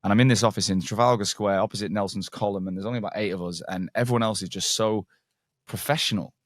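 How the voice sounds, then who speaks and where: Fast-talking man hosting. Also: lowish voice, steady tone, no room sound, clean studio sound. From England. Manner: swears freely, banter-heavy storytelling. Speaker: podcast host. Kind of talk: casual interview chat.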